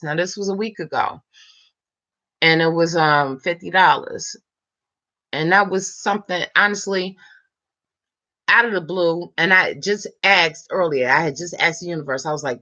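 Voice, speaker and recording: A woman of about fifty chatting late at night, telling a long story time in an animated, rambling way with lots of fillers. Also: on the low side, measured pace, muffled recording. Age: 50s. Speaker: vlogger.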